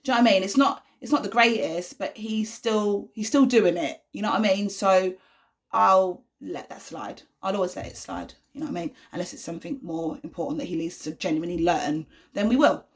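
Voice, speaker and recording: A woman's voice: medium pitch, brisk. A young woman, a mother, chatting casually to camera with lots of fillers and repeated "you know what I mean". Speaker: vlogger, mother of an autistic son.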